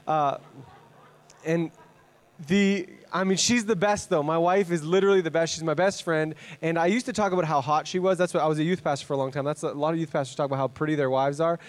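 A male guest preacher from Canada, in his thirties, talks to the congregation in a loose, chatty way. He rambles and makes fun of himself, with plenty of fillers. His voice sits a little high. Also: steady tone, quick pace. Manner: chatty, self-deprecating, rambling with many fillers. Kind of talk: casual sermon introduction.

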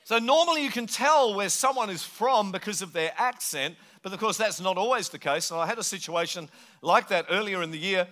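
Middle-aged man, pastor, animated storytelling sermon, bright voice. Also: high voice, fairly quick.

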